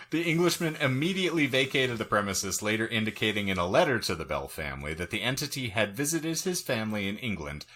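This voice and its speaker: Joking male podcast host, bright and lively. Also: lowish voice, brisk. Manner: crude jokes, reads from notes then riffs. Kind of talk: casual comedic chat, retelling a ghost story.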